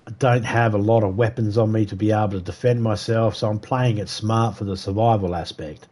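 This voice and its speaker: Fairly quick and fairly even in intonation, this American man's fairly low voice has a darkish tone. He streams a survival game live, chatting to viewers in a rambling, profane monologue.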